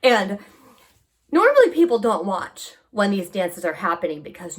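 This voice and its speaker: A young woman from New York telling stories to camera in a casual, animated way. She moves between hushed asides and excited highs. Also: moderate pace. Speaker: vlogger.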